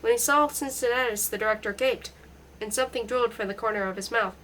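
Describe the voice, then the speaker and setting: A woman narrating a literary novel aloud in a measured, even audiobook reading. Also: fairly high pitch, a little hiss or hum, rough recording. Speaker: audiobook reader.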